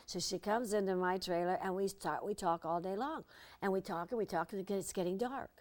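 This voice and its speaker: An older actress as an interview guest, telling lively anecdotes and slipping into impressions. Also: female voice, mid-range voice, quick pace. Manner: lively storyteller, slips into impressions.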